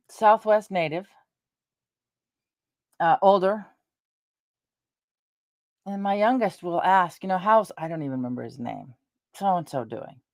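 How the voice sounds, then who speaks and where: A woman's voice: mid-range voice, darkish tone, dry recording. A middle-aged woman chatting casually to her viewers, rambling through personal stories and laughing along the way. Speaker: vlogger.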